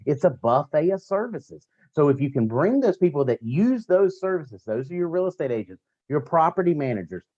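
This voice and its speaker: A man giving an energetic motivational training talk to his sales team, full of repeated slogans and direct coaching. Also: fairly high pitch, muffled recording. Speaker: network marketing team trainer.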